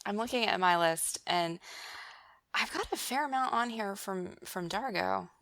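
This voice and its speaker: Brief: woman podcast co-host, bright crisp voice, dry close recording, giggly and animated. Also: mid-range voice, a little slow, dry recording. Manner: giggly, animated, quotes lines in silly voices. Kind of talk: casual chat.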